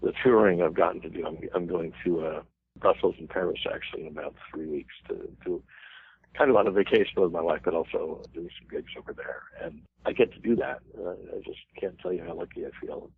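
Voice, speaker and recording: A man in his sixties from the United States, a banjo player telling lively anecdotes as an interview guest. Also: low voice, a little fast, creaky, slightly rough. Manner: animated anecdotes with laughs and sung quotes. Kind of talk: casual interview storytelling. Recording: thin phone-like radio line.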